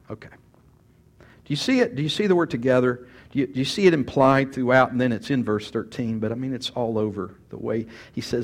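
A man preaching a sermon and teaching from scripture, swinging from loud emphatic bursts to quiet asides and acting out quoted speech. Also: a little high, a little fast. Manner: animated, rises loud for emphasis, then drops quiet; acts out quoted speech, repeats words. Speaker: pastor.

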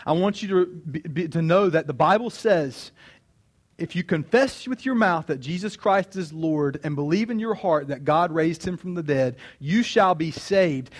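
Man, 30s, pastor giving a heartfelt sermon, slightly high voice, emphatic repetition. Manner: earnest, personal, with emphatic repeated phrases.

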